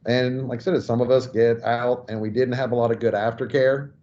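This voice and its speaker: A man's voice: medium pitch, flat delivery, fairly quick, a little mellow, a little hiss or hum. Man, podcast host, conversational, muffled sound. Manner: rambling, conversational with fillers. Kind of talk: casual interview. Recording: dull lo-fi audio.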